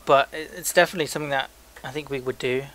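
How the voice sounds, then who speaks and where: A man's voice: medium pitch, fairly even intonation, rapid-fire, a bit bright. A young man co-hosting a casual podcast, reading listener emails aloud in a joking, loose way with frequent stumbles. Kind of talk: casual chat.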